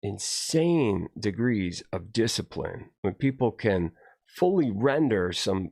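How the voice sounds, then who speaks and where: Brief: solo video host, rambling profane rant, raspy low fry, very animated delivery. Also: male voice, slow pace. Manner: profane, heated, swings between low mutters and raised outbursts. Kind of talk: rambling ranting monologue.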